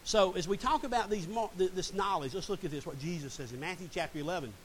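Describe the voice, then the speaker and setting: A man's voice: high-pitched, fast talker, low-quality recording. A middle-aged man preaching a sermon and reading scripture dramatically. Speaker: pastor. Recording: faint hiss.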